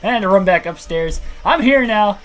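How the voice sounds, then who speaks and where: A man's voice: high voice, animated, normal speed, fairly bright tone, faint music behind. A young man streaming a racing game, out of breath and talking in a rambling, laughing way. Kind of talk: casual livestream chat. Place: room at home.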